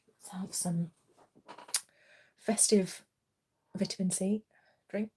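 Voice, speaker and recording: Woman, tarot reader on a livestream, husky, hoarse, soft-spoken, giggly. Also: lowish voice, moderate pace. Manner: soft-spoken, giggly, often drops to a murmur. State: losing her voice. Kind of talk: livestream card reading.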